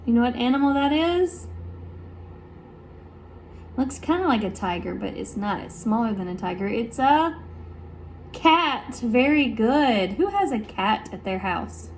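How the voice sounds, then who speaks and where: Slow, sing-song woman speech therapist. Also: sing-song, slight background noise. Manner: slow, sing-song, with big exaggerated pitch jumps for praise; overarticulates sounds for young listeners. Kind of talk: reading a picture book aloud and quizzing children.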